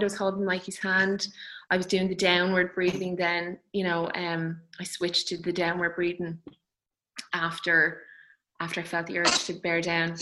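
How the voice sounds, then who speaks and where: A woman in her thirties telling her birth story in an interview, tender and halting, with many fillers. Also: on the low side, bright, forceful tone, slight background noise, low-quality recording. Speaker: guest. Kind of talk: personal birth story in conversation.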